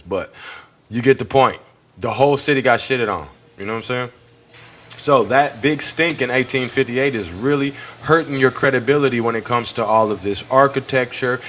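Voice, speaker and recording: A man's voice: mid-range voice, fairly bright tone. A man hosting an online history lesson, commenting casually over a video in a blunt, profane, slangy way and talking straight to his viewers.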